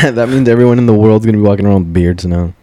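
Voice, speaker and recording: A man's voice: on the low side, fast, a little mellow, dry recording. A young man co-hosting a casual podcast in a laid-back way, swearing casually. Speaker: podcast co-host. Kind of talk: casual chat.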